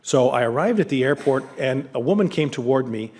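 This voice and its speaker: A man's voice: mid-range voice, animated, fairly quick, a little mellow. Earnest middle-aged man giving a lecture. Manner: earnest, conversational, candid. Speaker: lecture speaker. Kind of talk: public lecture with anecdotes.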